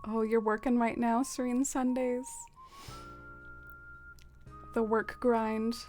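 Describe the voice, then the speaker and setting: A woman hosts a casual livestream while playing a game, chatting with viewers and laughing often amid many fillers. Her slightly high voice is a little mellow, slow and flat in delivery, with soft music in the background.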